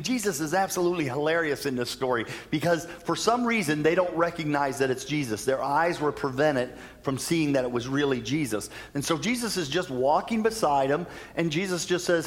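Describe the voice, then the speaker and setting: Male pastor, animated storyteller, slightly high voice, long church reverb. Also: fairly quick, few pauses. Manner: storytelling, animated, shifts pace for emphasis. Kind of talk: sermon.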